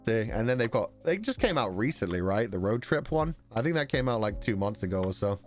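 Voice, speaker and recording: A man's voice: on the low side, big pitch swings, brisk, soft background music. Chatty man with a Belfast accent. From Northern Ireland. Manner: rambling, chatty, laughs often. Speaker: streamer. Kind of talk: casual chat.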